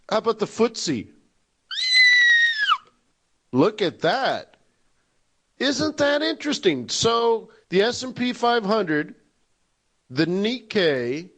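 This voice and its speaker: A man in his forties hosting a live trading webinar, joking and laughing at his own jokes. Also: high-pitched. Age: 40s. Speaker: forex webinar host.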